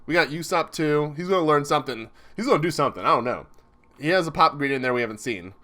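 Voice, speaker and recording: A young man excitedly commenting live as he reads a comic chapter, chatty and laughing often. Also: a little high, quick pace. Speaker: streamer reacting to a manga chapter.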